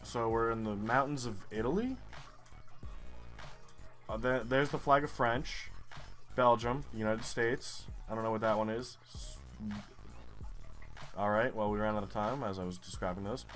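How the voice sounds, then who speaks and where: A man's voice: on the low side, normal speed, long pauses, fairly bright tone, faint music behind. A young man giving profane, frustrated commentary while playing a geography guessing game. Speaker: gaming YouTuber. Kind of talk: live gameplay commentary.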